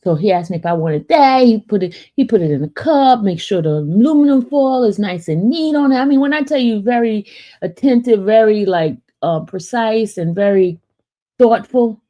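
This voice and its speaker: A woman casually telling a personal story to her viewers, chatty and animated, often checking in with "right?" and talking straight to her audience. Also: medium pitch, moderate pace, lo-fi sound.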